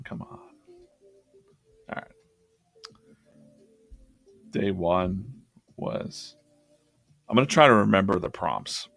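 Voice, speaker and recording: A man's voice: sits low, creaky, fairly bright tone, no echo. A man hosting a drawing livestream, chatting casually and laughing as he rambles through his past sketches.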